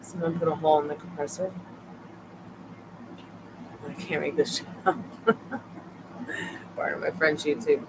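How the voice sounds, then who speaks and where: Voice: mid-range voice, fairly even intonation, unhurried, creaky, pauses often. Sleepy tarot host, casual late-night chat, talks to the dog, noisy home stream. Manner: chatty, greets viewers and talks to the dog. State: sleepy and yawning. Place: home, on a couch.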